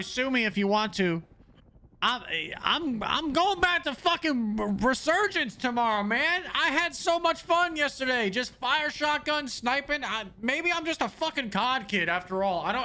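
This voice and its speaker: A young male game streamer with a high, bright voice. He rants fast and profanely, often stumbling over restarts. He talks straight to his chat. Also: animated. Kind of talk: profane live-stream rant.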